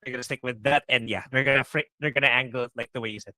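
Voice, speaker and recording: Racing along in a medium-pitched voice with fairly flat intonation and a sharp tone, this man sounds dry on the recording. He's a podcast co-host on a laggy video call, and his casual chat is full of rambling, scoffing and filler words.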